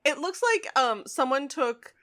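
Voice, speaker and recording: A woman's voice: high voice, animated, unhurried, bright, forceful tone. A woman co-hosting a podcast, chatting casually with wry remarks and frequent laughter. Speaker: podcast co-host. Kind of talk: casual chat.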